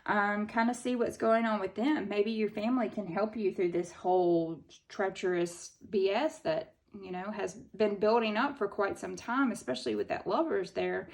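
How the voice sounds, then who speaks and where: A woman's voice: medium pitch, moderate pace, vocal fry, few pauses, a little mellow. A woman in her thirties with a Southern US accent giving a casual tarot reading, blunt and chatty, swearing freely and using lots of fillers. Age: 30s. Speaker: tarot reader.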